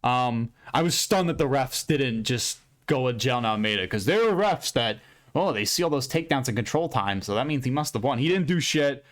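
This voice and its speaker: Man, fight recap vlog, blunt, profane, rambling, excitable, medium pitch. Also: a little fast. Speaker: MMA commentator recapping fights.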